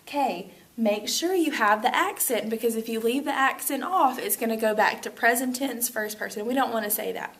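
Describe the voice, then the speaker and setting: A woman's voice: fairly high pitch, moderate pace, hardly any pauses, a bit bright. A woman teaching a Spanish lesson to students, upbeat and chatty with playful asides. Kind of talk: classroom lesson video.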